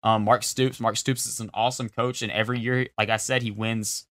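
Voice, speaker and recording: A young man co-hosting a sports podcast, talking fast and opinionated in a casual chat. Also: mid-range voice, little pitch movement, fairly bright tone, no room sound, studio quality. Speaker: podcast co-host.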